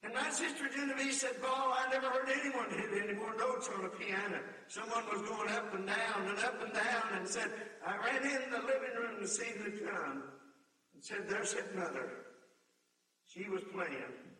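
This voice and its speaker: An older preacher with a very high, bright, ringing voice, heard from a distance in an echoing hall with a long reverb. He tells his story with feeling, slips into singing hymn lines and rises to shouted appeals. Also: normal speed. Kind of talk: camp meeting sermon. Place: large meeting hall or tabernacle. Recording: echoey hall, voice from far off.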